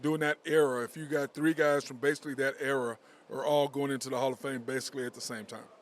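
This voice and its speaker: A man's voice: mid-range voice, flat delivery, quick pace. A man hosting a casual sports talk show, who asks questions and cuts in on his co-host.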